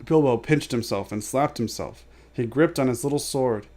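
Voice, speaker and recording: Man, storybook reading, steady measured narration, mid-pitched voice. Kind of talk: reading a book aloud.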